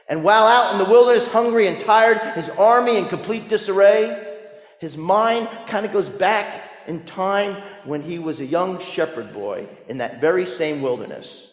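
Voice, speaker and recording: High-voiced male pastor in echoing sanctuary. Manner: storytelling with humor, emphatic rises and soft drops. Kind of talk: sermon. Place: church sanctuary. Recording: roomy church with long reverb.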